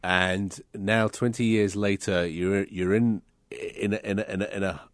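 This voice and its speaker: A male host with a low, deep voice, recorded close in a dry, dead room. He keeps the conversation going with frequent short affirmations and stumbles over his words as he thinks aloud. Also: steady tone, a little slow, no room sound. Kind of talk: interview conversation.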